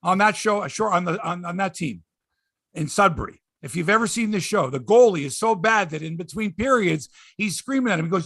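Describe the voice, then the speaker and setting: A middle-aged man, hosting a casual sports podcast and telling stories in an excitable, animated way, swearing freely. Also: high voice, fairly quick, slightly rough, no room sound, clean studio sound.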